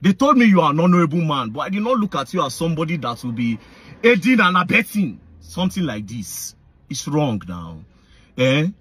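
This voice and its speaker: A man's voice: fairly high pitch, big pitch swings, brisk, a bit bright, breathy edge, no room sound. A man with a Nigerian Pidgin English accent ranting in a confrontational vlog, addressing his targets directly with heated accusations. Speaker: online commentator.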